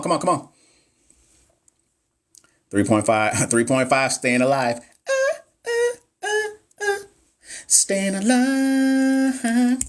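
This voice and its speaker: Male nursing coach, lively live-stream teaching with chat shout-outs. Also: medium pitch. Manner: animated, chatty, talks to live chat by name. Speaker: NCLEX review coach. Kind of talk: live-stream exam review.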